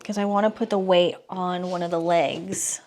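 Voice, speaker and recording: A woman talking casually to her viewers in a vlog, excitable and gushing, with nervous exclamations. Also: on the low side, normal speed, a little hiss or hum. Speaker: vlogger. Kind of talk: casual unboxing vlog talk.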